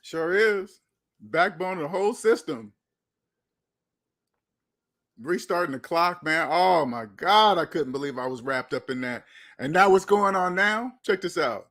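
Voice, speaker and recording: A man's voice: on the high side, animated, measured pace, long pauses, fairly bright tone. A man giving blunt, lecturing commentary on money and debt, often repeating himself. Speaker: finance commentator. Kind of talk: opinionated video commentary.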